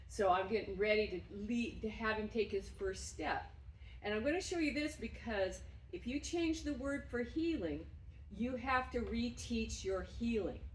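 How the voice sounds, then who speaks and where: Woman, dog trainer, slightly high voice, effusive praise, roomy echo. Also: a little hiss or hum. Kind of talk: demonstrating dog training outdoors. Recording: roomy sound from a distance.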